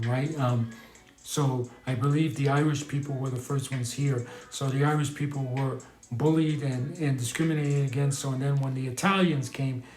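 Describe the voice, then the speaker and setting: A man's voice: mid-range voice, a little mellow, echoey room. A man talking casually on a live stream, rambling and hesitant, with many restarts and apologies as he answers a question. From New York.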